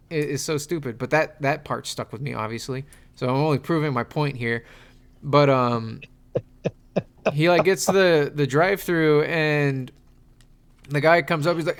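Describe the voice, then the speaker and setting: A man's voice: on the high side, normal speed. A young man co-hosting a casual podcast with his father, laughing often and mimicking voices from ads. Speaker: podcast co-host. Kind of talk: casual chat.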